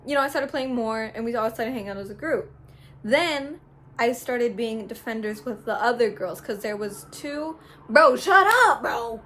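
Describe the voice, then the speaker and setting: A woman's voice: a little high, moderate pace, a little hiss or hum. Slangy young woman telling a story. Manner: slangy, animated, dramatic swings in loudness. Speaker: vlogger. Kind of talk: story time.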